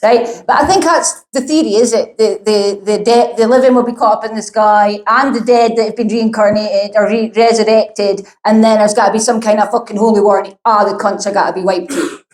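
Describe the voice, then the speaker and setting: A woman's voice: medium pitch, fairly even intonation, fairly quick, a little mellow. Sweary rambling woman comic. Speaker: stand-up comedian. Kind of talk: stand-up comedy set. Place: live comedy venue. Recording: roomy echo.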